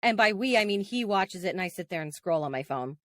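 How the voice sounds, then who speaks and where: A woman, co-hosting a podcast as a casual, animated storyteller who laughs often. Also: medium pitch, fairly quick, dry recording, clean studio sound. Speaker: podcast co-host. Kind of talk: casual chat.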